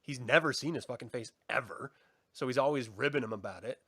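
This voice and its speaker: A man co-hosting a casual review show, relaxed and chatty, laughing often and swearing casually. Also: medium pitch, fairly quick, breathy edge, no room sound, clean studio sound. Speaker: podcast co-host.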